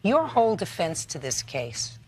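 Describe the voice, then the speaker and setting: A woman's voice: on the low side, very animated, a little slow, darkish tone, a little hiss or hum. An older woman acting as a TV judge, scolding and sarcastic as she rules on a small-claims case. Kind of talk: courtroom TV ruling.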